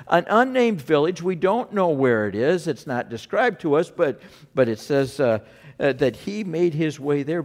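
Animated man preaching a sermon. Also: a little high. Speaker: pastor.

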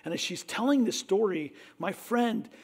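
A middle-aged man with a notably high-pitched voice delivers a sermon. He preaches with emphatic swells, then falls to a hushed tone. He keeps calling his listeners back with a repeated "listen.". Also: animated, moderate pace, husky. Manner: repeats "listen" to address the congregation. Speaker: pastor.

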